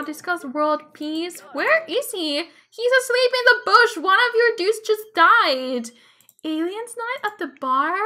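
A young woman hosts a life-sim let's play with a very high voice. Her tone is bright and sharp, and she talks slowly, breaking into gasps and dramatic cries at the game. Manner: excitable, gasping, dramatic reactions. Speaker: gaming YouTuber.

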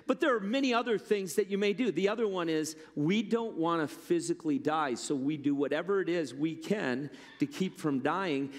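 Male pastor preaching in a reverberant hall. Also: a little high. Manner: conversational storytelling preaching. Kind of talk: sermon. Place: church. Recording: long church-hall reverb.

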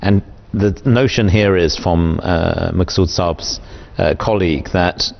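Deep-voiced man hosting a panel. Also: vocal fry. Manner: measured, posing questions to panelists. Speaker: show host. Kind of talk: studio panel discussion. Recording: dull lo-fi sound, faint noise.

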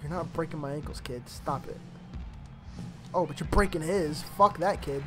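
A man's voice: fairly high pitch, moderate pace, music in the background. A young man casually commentating his own basketball video game, muttering, swearing and trash-talking the players on screen. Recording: home recording with clear background noise.

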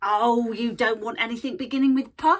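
A woman's voice: fairly even intonation, brisk, close to an everyday voice. A woman voicing a pushy, talkative male rat who runs a pet shop, reading a storybook aloud for children. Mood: coaxing. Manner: loud, squeaky and sales-pitchy.

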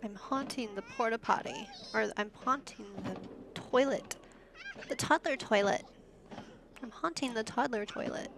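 Woman gameplay commentator, sassy and chatty, some vocal fry, recorded with audible noise. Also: fairly high pitch, animated, unhurried. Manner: chatty, bossing her game characters around with playful sass.

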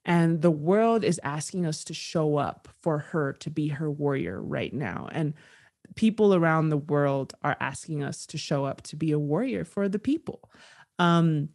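A woman, a guest author, talking candidly in a podcast conversation with earnest, animated storytelling. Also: low voice, measured pace.

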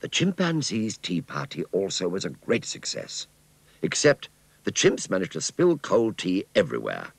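A man narrating a children's story in an expressive, scripted storytelling manner. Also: sits low, moderate pace, gravelly, husky, no room sound.

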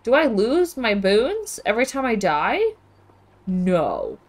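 A woman streaming a game from home, reacting aloud in casual, expressive commentary full of exclamations. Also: medium pitch, takes it slowly. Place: home with webcam.

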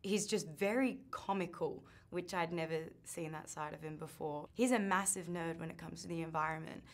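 A woman's voice: low-pitched, moderate pace. A woman from Australia, an actress chatting casually in an interview, full of "like" and "um".

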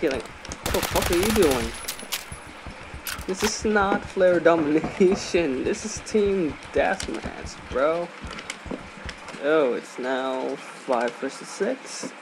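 Gamer, casual match commentary, playful and sweary, unhurried, lively pitch, loud game noise behind. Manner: playful, swears, laughs often. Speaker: gaming video host.

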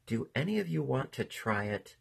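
A man's voice: medium pitch, big pitch swings, normal speed, creaky, breathy edge, pitched above the performer's own voice, exaggerated voice. A man voicing a brave, homely male moth in a storybook, speaking in an earnest, modest way. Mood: stern.

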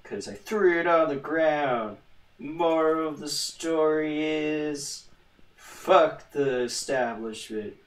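A man's voice: a little high, takes it slowly, distant mic. A man hosting a gaming channel, giving casual let's-play commentary in a rambling, joking, self-mocking way, recorded in a roomy space with his voice away from the microphone. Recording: roomy echo, voice away from the mic.

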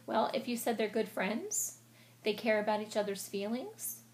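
A woman teacher reading a storybook aloud to children, pausing to explain it in a patient, explanatory manner. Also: mid-range voice, expressive, a little hiss or hum.

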